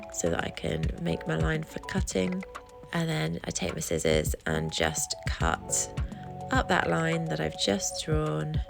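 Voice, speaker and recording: A young woman narrating a crafting voiceover in a hoarse voice, explaining the steps plainly and joking at her own expense. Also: low-pitched. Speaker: vlogger. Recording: voiceover over music. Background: music.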